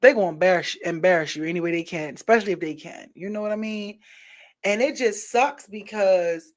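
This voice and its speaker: A woman's voice: on the low side, fairly quick. A woman vlogger giving her frank opinions in a casual monologue, rambling with lots of fillers and restarts.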